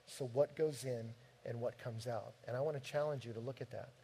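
A man preaching a sermon, telling stories from his home life in an animated, direct way. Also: medium pitch, fairly quick, gravelly, slight background noise. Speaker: pastor.

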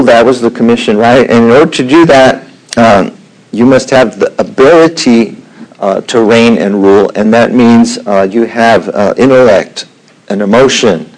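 Man teaching Bible, unhurried with fillers. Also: medium pitch, low-quality recording. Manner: unhurried, frequent "uh" fillers, clears throat.

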